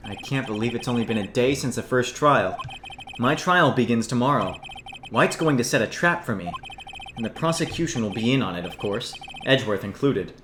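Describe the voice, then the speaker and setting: A man's voice: medium pitch, lively intonation, fairly quick, background noise, close to an everyday voice. A man voicing an earnest young male defense lawyer who talks in a direct, accusing way. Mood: worried. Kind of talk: fan voicing of a game playthrough. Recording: roomy echo, game music. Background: game music.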